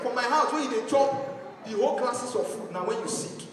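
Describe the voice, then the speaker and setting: A man with a Nigerian accent performing a stand-up comedy set, telling animated stories and acting out his family. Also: very high-pitched, fairly quick, background noise. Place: church hall stage. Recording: echoey hall from far off.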